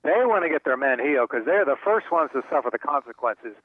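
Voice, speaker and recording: Older male author guest, earnest storyteller, slightly high voice, phone-line sound. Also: animated, quick pace. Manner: heartfelt, repeats words when moved. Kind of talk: earnest personal storytelling in a radio interview.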